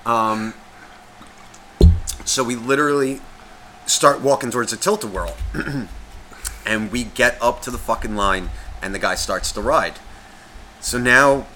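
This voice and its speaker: Animated, profane man in his 30s. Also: medium pitch, unhurried, pauses often, faint music behind. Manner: animated, profane, acts out quoted voices. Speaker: podcast co-host. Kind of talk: casual storytelling chat.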